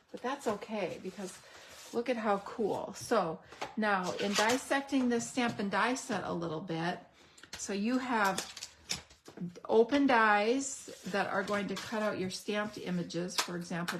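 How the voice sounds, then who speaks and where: A middle-aged woman walks through new craft supplies at an unhurried pace. She gets excited over each piece and stops to search for the right word. A faint hiss sits under her voice. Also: medium pitch. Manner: enthusiastic, gushing over products; thinks aloud, pauses to find words. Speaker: crafting video host. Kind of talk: unboxing product demo.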